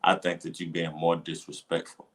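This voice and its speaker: A man's voice: sits low, level tone, moderate pace, breathy edge. A man co-hosting a podcast, laid-back in casual chat with short replies. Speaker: podcast co-host.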